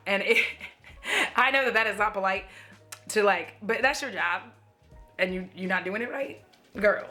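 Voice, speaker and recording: A bright, clear-toned American woman talking to camera in a loose, joking vlog style. She rambles, swears casually and laughs at herself as she reviews makeup. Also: medium pitch, moderate pace, pauses often, faint music behind. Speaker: beauty YouTuber.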